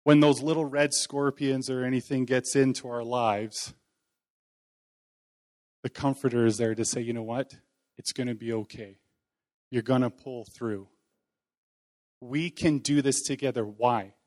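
A man's voice: mid-range voice, steady tone, a little slow, pauses often, a little mellow. A man preaching an informal sermon in a church hall, talking in a conversational, folksy way with self-deprecating humor. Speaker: lay preacher.

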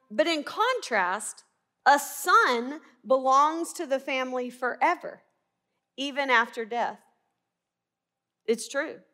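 A woman's voice: a little high, sharp tone. A middle-aged woman from Arkansas with a Southern twang, teaching the Bible earnestly and emphatically, often asking her listeners rhetorical questions. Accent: Southern American twang. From Arkansas, USA.

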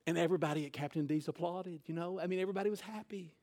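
A man's voice: on the high side, very fast, warm tone. A man preaching a sermon, retelling a scripture story in casual, conversational words. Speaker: pastor.

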